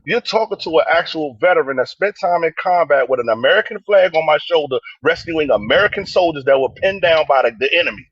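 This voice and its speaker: A man's voice: a little high, expressive, fast, few pauses, slightly rough, no room sound, highs cut off. A man on a live online panel debate, talking insistently and repeating himself to hold the floor. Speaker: veteran panelist.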